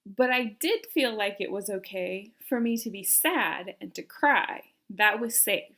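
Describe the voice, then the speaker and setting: A young woman, working as a personality coach, speaks straight to camera in a self-help video, earnestly coaching viewers and posing questions to them. Her mid-range voice is animated yet unhurried, with some creak and a fairly bright tone.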